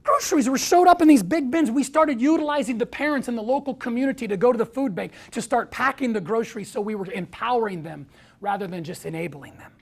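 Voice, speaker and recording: A man's voice: very high-pitched, fast talker, gravelly. An American man giving an inspirational talk, telling stories and acting out what people said. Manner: storytelling, acts out quoted voices. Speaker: speaker.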